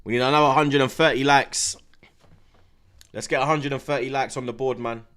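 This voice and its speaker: A man, hosting a live football watchalong, chatting in heavy street slang with the viewers and shouting at big chances. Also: medium pitch, fairly even intonation, normal speed.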